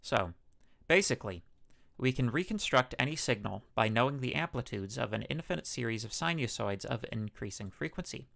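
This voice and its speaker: A man with an expressive, slightly bright mid-range voice talks a little fast while lecturing a university class on a microphone. It's easygoing and chatty, with fillers, self-corrections and the odd joke, such as one about his radio-like smoothness.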